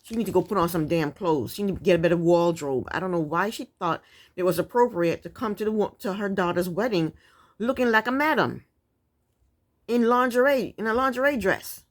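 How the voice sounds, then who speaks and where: A woman's voice: medium pitch, a little fast. A woman giving a casual, opinionated TV recap, blunt and sassy, with chatty asides. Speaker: TV recap vlogger.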